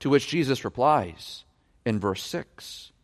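A man's voice: expressive, slow. A man preaching a sermon, emphatic and stressing key words as he explains a passage. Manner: emphatic, varies pitch widely for stress. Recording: long reverb of a large hall.

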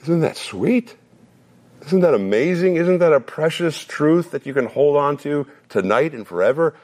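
A man's voice: lively intonation, moderate pace, darkish tone. Earnest man preaching a sermon. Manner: earnest, repeats phrases while building a point; drops to a low conversational tone for a personal story. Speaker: pastor.

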